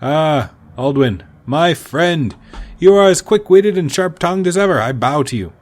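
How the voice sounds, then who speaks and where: A man putting on a huge, jovial, booming man. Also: expressive, lightly acted. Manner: slow, grand, theatrical.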